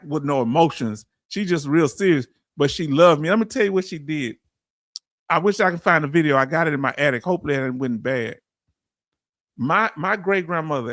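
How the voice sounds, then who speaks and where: A man hosting a casual livestream, reading viewer comments aloud and giving heartfelt shout-outs. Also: on the high side, no echo, studio quality. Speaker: livestream host.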